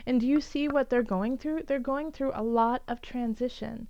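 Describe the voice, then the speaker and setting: A woman's voice: a little high, normal speed, warm tone, lo-fi sound, a little hiss or hum. Earnest, encouraging woman tarot reader. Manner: earnest, encouraging, many fillers and restarts. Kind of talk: tarot reading for the zodiac signs.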